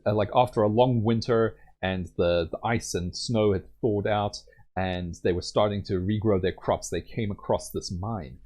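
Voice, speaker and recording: A man's voice: on the low side, steady tone, moderate pace, a little mellow. A young man narrating a solo tabletop game in a rambling way with many fillers.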